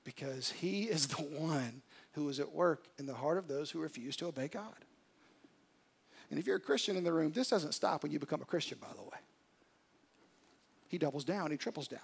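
A male pastor with a high voice delivers a sermon in church. He drops to near-whispers, then builds to loud, driving peaks. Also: brisk, gravelly, pauses often, slightly rough. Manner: dramatic, swings from hushed to loud. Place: church service.

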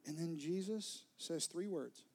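Husky and a little high, a pastor preaches at a measured pace. He tells the story dramatically, sometimes sinking to a soft whisper and sometimes building to an emphatic peak.

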